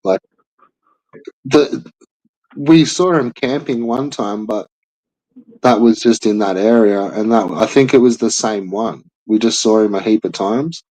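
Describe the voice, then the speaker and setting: A man's voice: lowish voice, unhurried, long pauses, darkish tone, no room sound, low-quality recording. A young man hosting a casual chat, rambling loosely with lots of filler words and swearing. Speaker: podcast host.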